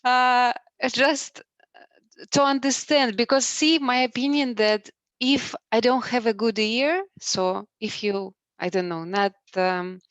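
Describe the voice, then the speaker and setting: A woman in an online class asking the teacher a question, halting and searching for words over a video call. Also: on the high side, fairly bright tone, no echo, low-quality recording. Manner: hesitant, halting, with many fillers and restarts. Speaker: class participant.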